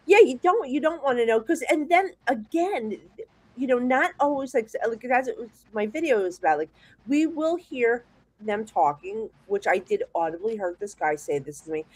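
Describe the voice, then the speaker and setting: A middle-aged woman with a New Jersey accent, a psychic guest telling rambling, animated stories in a casual chat. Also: on the high side, rough recording. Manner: chatty, rambling, animated storyteller with restarts.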